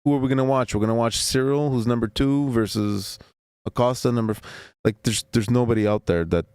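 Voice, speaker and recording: A man's voice: mid-range voice, a little fast, a little mellow, clear, resonant tone, no room sound, studio quality. A man hosting a casual sports talk show, talking in a rambling, opinionated way and often repeating his words. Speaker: podcast host.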